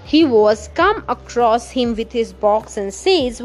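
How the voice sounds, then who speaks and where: Woman reading an old folk tale out loud, fairly high voice, swings her pitch a lot. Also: slow pace. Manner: expressive, varied pacing. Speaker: storyteller.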